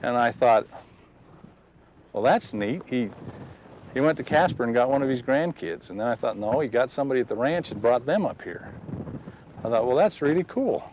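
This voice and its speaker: A man telling a personal story in a folksy, animated way, recorded outdoors. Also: medium pitch, moderate pace, long pauses, lo-fi sound, a little hiss or hum. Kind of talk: personal testimony told outdoors.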